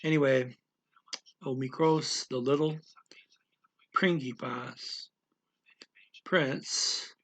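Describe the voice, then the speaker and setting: A man thinking aloud as he explains a language lesson, halting often with fillers and restarts. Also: mid-range voice, fairly even intonation, vocal fry, a bit bright, breathy edge. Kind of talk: casual spoken language lesson.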